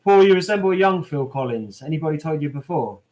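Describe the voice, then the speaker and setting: A British man hosts a live Q&A stream, reading viewer comments aloud and chatting casually in a slightly high, somewhat mellow voice. His intonation is lively and his pace quick. He's a chatty channel host answering live chat, with plenty of "um" and "mate."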